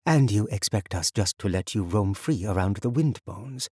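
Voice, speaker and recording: A stern woman elder questions a stranger with cold distrust, her words measured and commanding, as a male narrator voices her in a storybook. The voice sits fairly low and is recorded close and dry. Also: expressive, a little mellow, breathy edge, no room sound. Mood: distrustful.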